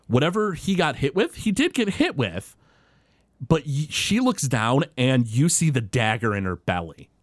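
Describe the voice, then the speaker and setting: A man's voice: mid-range voice, dry recording. A man narrating as game master of a tabletop game in a casual, rambling way with many fillers.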